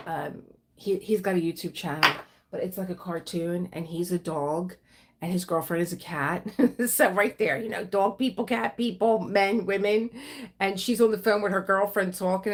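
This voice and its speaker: A woman's voice: on the low side, fairly even intonation, normal speed. A woman hosting a casual livestream, chatting freely and greeting viewers as they come in. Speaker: livestream host.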